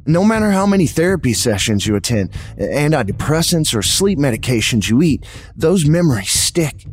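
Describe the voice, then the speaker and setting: A man's voice: on the high side, very animated, normal speed. A man narrating a horror story in the first person, in a brooding, confessional tone.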